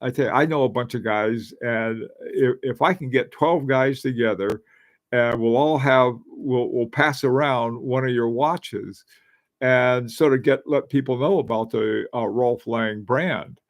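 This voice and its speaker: A man's voice: medium pitch, measured pace, no room sound, studio quality. An older man, hosting a casual livestream and chatting with viewers in a rambling way, laughing often. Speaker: livestream host. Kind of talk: casual livestream chat reading viewer comments.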